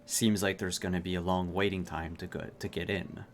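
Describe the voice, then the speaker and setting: A man narrating a tabletop role-playing game as game master, halting, with frequent fillers and restarts. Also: deep voice, level tone, a little hiss or hum.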